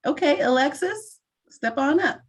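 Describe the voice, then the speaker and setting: A woman hosting an online mentoring session over a video call, giving clear, encouraging instructions. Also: sits high, expressive, measured pace.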